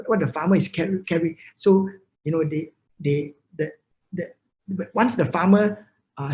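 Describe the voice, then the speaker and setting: A man's voice: high-pitched, darkish tone, low-quality recording. A man with a Vietnamese accent giving a motivational seminar talk, emphatic, repeating key words and often restarting his sentences. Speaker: motivational speaker.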